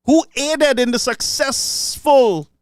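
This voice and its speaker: A man's voice: very high voice, slow pace, smooth, no room sound, clean studio sound. A man with a Saint Lucian accent giving an impassioned political speech, sarcastic and mocking. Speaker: political commentator.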